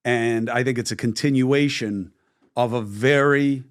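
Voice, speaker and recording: A man answers interview questions in a measured way. He sometimes hesitates before going on. His pitch is ordinary. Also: smooth. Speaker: interview guest.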